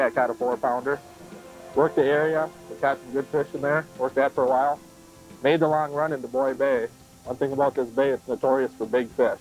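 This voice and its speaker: A man's voice: medium pitch, a little mellow, rough recording. A man on a boat recapping his tournament fishing day in a casual, matter-of-fact way. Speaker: tournament angler. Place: on a boat outdoors on a lake.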